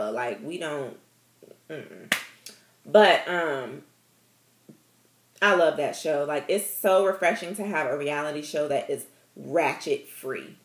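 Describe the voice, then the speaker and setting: A woman gives casual, sassy commentary on reality TV, full of playful asides. Her pitch swings freely and keeps her delivery lively. The recording has a noticeable echo from the room. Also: slow pace. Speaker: vlogger.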